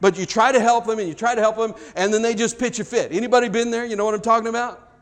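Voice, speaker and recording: Speaking very fast with fairly even intonation, a middle-aged pastor preaches a sermon in a relaxed, conversational style. He interrupts himself and starts over as he shares family stories, though he acts out dialogue with large pitch leaps.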